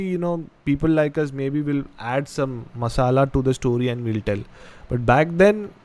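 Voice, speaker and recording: A man's voice: mid-range voice, a little mellow, clean tone, no room sound. A young man from India with an Indian English accent, chatting casually on a live stream and reading viewer comments aloud. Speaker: podcast host.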